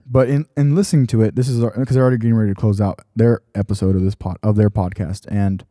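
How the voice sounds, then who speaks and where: Mellow low-voiced man hosting a podcast. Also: dry recording, clean studio sound. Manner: rambling, self-correcting. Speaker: podcast host. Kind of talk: casual solo podcast talk.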